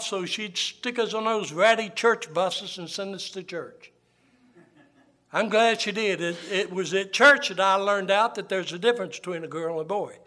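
An older man, a Baptist pastor preaching a sermon and telling folksy, animated stories. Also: high voice. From Southern US. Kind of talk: sermon with storytelling.

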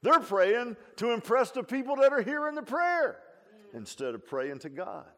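A man's voice: very high-pitched, sing-song, normal speed, fairly bright tone. A man preaching a sermon as pastor in a folksy, conversational way, with emphatic asides and frequent repeats and restarts. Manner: repeats himself and restarts often.

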